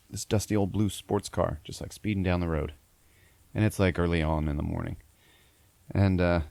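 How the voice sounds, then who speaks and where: A deep-voiced man with a gravelly, fry-heavy edge talks through a film plot on a podcast. He rambles in a loose, profane way, stacking fillers as he goes. The sound is dry and close. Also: darkish tone, no echo. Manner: rambling, profane, laughing storyteller. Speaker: podcast host. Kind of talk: casual movie recap.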